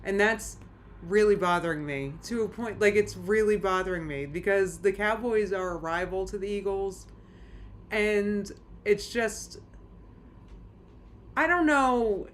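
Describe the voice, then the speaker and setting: A woman's voice: mid-range voice, a little slow, slight background noise. A woman streaming from home, chatting casually with her live chat in a rambling, anxious way, full of restarts. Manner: rambling, anxious, many restarts and nervous laughs.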